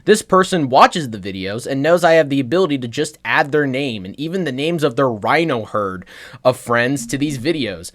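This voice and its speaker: Young man narrator, stern measured warnings, plain mid voice. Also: medium pitch, fairly bright tone. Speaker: video narrator. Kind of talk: scripted narration.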